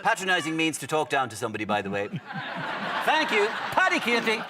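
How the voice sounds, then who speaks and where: A man's voice: fairly high pitch, huge pitch swings, fairly quick, very noisy. A man playing a pompous old Irish broadcaster. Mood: patronising. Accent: Irish (put on). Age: older. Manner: pompous, patronising, folksy. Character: impression of an older male Irish broadcaster, patronising.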